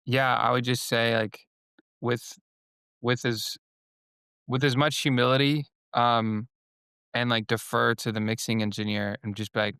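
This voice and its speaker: A man's voice: mid-range voice, little pitch movement, a little slow, long pauses, sharp tone, clear, resonant tone, no echo, studio quality. A man, a guest singer and worship leader, talking in a loose, rambling way full of fillers and quoted asides. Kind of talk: casual podcast conversation.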